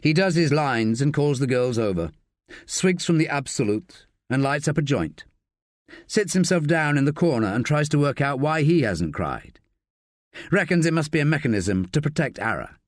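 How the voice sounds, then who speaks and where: Man reading a crime audiobook, lots of pitch movement, dry close sound. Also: expressive, moderate pace, no room sound. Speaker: audiobook narrator. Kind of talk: scripted narration.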